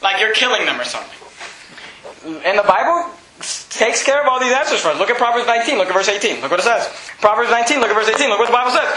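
A man preaching a sermon as pastor, emphatic and often shouting, with chuckles between points. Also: very high voice, lively intonation, very fast, slight background noise. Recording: roomy echo.

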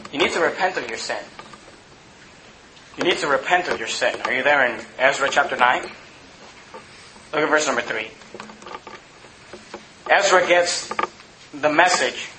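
A man's voice: a little high, reverberant, background noise. A man preaching a sermon as pastor of his church, impassioned and repeating phrases as he builds his points.

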